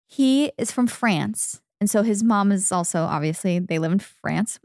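A young woman co-hosting a casual chat podcast, telling stories with lively mimicry of the people involved. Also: unhurried, no room sound, studio quality. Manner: animated storyteller, mimics people in high voices. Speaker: podcast co-host.

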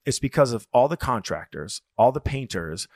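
A man's voice: mid-range voice, sing-song, moderate pace, no room sound, studio quality. A man co-hosting a podcast, chatting casually, rambling and swearing as he retells stories with quoted voices. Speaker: podcast co-host. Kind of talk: casual chat.

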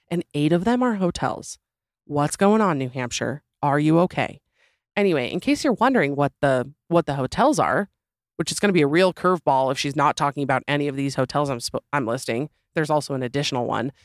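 A woman's voice: deep voice, fast talker, no room sound, studio quality. A woman hosting a podcast with a sore throat, reading listener stories in a chatty, rambling way with joking asides. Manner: chatty, rambling asides and self-deprecating jokes. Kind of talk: casual podcast chat and story reading.

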